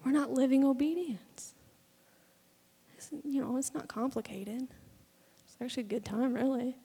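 A young woman preaching with fervent, chatty conviction, her high voice edged with a gravelly fry. Her tone is dark and mellow rather than bright. A long reverb trails behind her, as if she is in a large hall. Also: normal speed. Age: 20s. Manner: fervent, conversational preaching with acted-out dialogue. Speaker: speaker giving a testimony sermon. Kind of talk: sermon.

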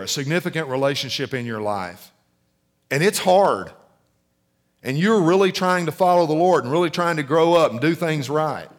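A middle-aged man preaching in a casual, conversational style. His voice sits somewhat high for a man, and he keeps checking in with the congregation through questions. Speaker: pastor. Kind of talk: sermon.

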